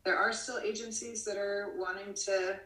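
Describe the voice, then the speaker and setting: A woman's voice: medium pitch, fairly even intonation, moderate pace, bright, forceful tone. Chatty woman with fillers, in a roomy space. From United States. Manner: rambling, many "you know" fillers and restarts. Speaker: model, interview guest. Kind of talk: casual interview answers. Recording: roomy, from a distance.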